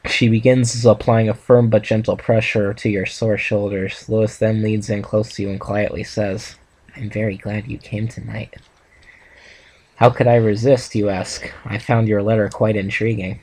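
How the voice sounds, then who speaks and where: A man's voice: fairly low pitch, level tone, normal speed, darkish tone, low-quality recording. Young man reading a fan story aloud. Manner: reads aloud with stumbles and asides. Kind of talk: casual reading and reaction chat.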